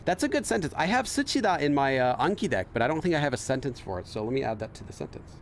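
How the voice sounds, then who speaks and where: Talking rapid-fire with big pitch swings, a medium-pitched Korean learner hosts a game playthrough, reading and translating the on-screen text. His thinking-aloud is full of fillers and restarts, and there's slight hiss or hum.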